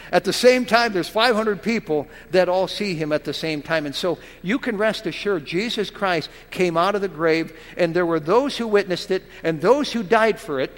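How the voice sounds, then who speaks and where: A man's voice: high-pitched, moderate pace, in a large hall. A man preaching a sermon as pastor, reading scripture aloud and pressing his point with emphatic rhetorical questions.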